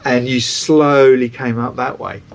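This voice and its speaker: A man's voice: medium pitch, fairly even intonation, a little slow. A man, a record producer, casually telling anecdotes in an interview and acting out other people's voices.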